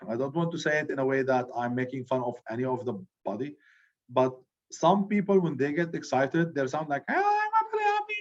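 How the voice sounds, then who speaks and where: A middle-aged man with a medium-pitched voice teaches a class loudly and animatedly, saying "good" after each point to check in with the students. The lecture is captured in a dull lo-fi recording.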